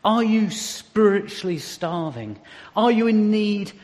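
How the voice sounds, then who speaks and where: Middle-aged male preacher, high voice, chatty with light jokes, long hall reverb. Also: expressive, takes it slowly, darkish tone. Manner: conversational with humorous asides. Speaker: church speaker. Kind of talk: sermon.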